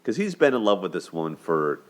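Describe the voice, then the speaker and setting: Deep-voiced man breaking down a movie. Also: sing-song, fairly quick. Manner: chatty, asks "right?" often, laughs a lot. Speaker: host of a dating and movie commentary show. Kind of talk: casual spoken movie breakdown.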